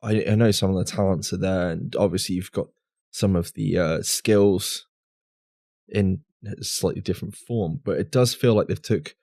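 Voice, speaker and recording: A man co-hosting a gaming podcast in a loose, rambling chat. His voice sits on the low side. The sound is close and dry, with no room around it. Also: moderate pace, darkish tone, dry recording. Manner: rambling, restarts, filler words. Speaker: podcast co-host. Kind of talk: casual chat over drinks.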